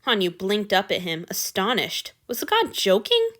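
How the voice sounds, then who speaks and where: A woman narrating a fan fiction story aloud in a steady, even reading voice. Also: medium pitch, moderate pace.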